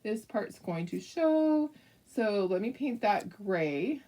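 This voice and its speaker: A woman's voice: mid-range voice, very animated, slow pace, dark tone, distant mic. A middle-aged woman hosting a casual live craft tutorial, chatty and rambling, with lots of fillers and frequent laughs. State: hiccups.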